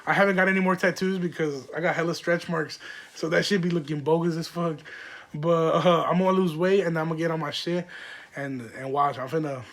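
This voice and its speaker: A young podcast host with a notably high voice for a man tells loose, rambling stories in an easygoing solo monologue. He talks briskly with fairly even intonation, using slang, swearing freely, and filling sentences with "like" and "um."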